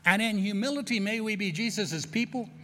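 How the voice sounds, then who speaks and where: Pastor preaching in a reverberant church. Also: male voice, high voice, sharp tone. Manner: halting, repeats words when searching. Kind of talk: sermon. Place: church sanctuary.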